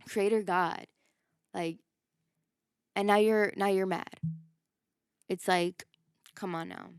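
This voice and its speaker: A woman's voice: medium pitch, clear, resonant tone, dry recording, clean studio sound. A woman hosting a podcast, giving a casual, emphatic spiritual monologue, swearing and laughing as she goes. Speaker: podcast host.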